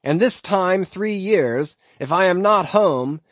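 A man voicing an obsessed old male sea captain who hails loudly across the water. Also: animated, slow pace, dry recording, muffled recording, heavily acted. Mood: booming hail. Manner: loud hailing, booming.

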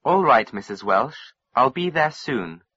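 A man reading a brisk, reassuring doctor. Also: mid-range voice, big pitch swings, fairly bright tone, slightly rough, dry recording, heavily acted. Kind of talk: textbook dialogue reading. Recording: dull lo-fi recording.

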